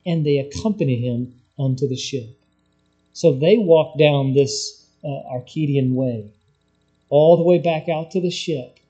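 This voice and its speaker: Animated preacher, a man with a dark tone. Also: fairly high pitch, unhurried, lo-fi sound, soft background music. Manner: animated storytelling, quoting scripture, rising to loud bursts. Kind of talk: sermon.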